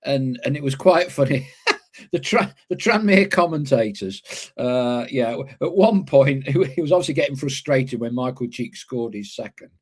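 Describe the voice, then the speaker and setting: A man's voice: medium pitch, lively intonation, moderate pace, breathy edge. A man hosting a casual live football podcast, reading out listener comments with chatty, wry asides between them.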